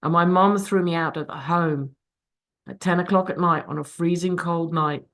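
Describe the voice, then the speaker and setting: Candid woman, low voice, swearing freely. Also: steady tone, moderate pace, a bit bright. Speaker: speaker at a recovery fellowship meeting. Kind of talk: personal recovery share. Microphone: video call.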